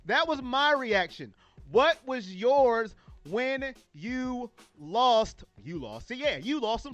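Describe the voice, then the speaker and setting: A California man hosts a sports fan livestream, talking casually and emotionally, laughing easily, and greeting viewers as he reads their chat comments. His voice is very high and a bit bright, with no echo and a lo-fi sound.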